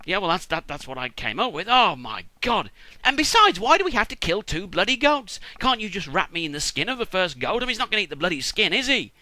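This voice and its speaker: A man's voice: fairly high pitch, very animated, brisk, hardly any pauses, pushed and bright, no room sound. A British man voicing a cunning, eager young son who scoffs at his mother's plan. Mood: incredulous. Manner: eager, incredulous.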